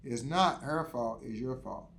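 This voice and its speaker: A man's voice: mid-range voice, lively intonation, unhurried, vocal fry, a bit bright. A man giving a motivational teaching talk, preachy and emphatic with lots of repetition. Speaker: insurance exam coach.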